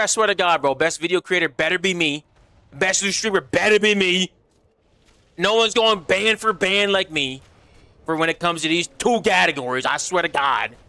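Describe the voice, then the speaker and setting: A young man streaming live with a bright, forceful voice that sits a little high for a guy. He talks in loose slang, answers chat as he goes, and jumps from low mumbles to excited bursts. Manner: animated, slangy, reads chat aloud. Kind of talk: casual livestream chat.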